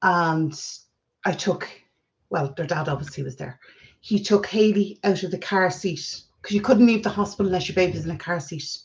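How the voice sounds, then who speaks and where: A woman's voice: fairly low pitch, normal speed. Irish mum in her 40s chatting away, telling stories, a bit muffled. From Ireland. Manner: chatty storytelling, lively retelling. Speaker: vlogger. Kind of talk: casual chat. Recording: slightly dull lo-fi sound.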